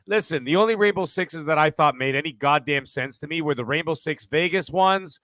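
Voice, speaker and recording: A man's voice: fairly high pitch, a little fast, sharp tone, dry recording. A man co-hosting a gaming podcast, ranting in casual, profane chat. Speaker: podcast co-host.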